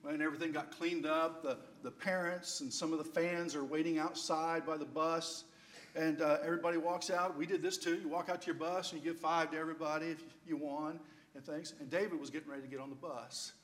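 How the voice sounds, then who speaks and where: A man's voice: a little high, steady tone, fairly quick, a bit bright. An older man preaching, telling a playful, humorous personal story as a storytelling sermon.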